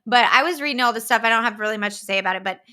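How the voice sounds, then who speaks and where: A woman co-hosting a podcast in casual chat, giggling often and acting out movie lines in quick voices. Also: on the high side, bright, forceful tone. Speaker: podcast co-host.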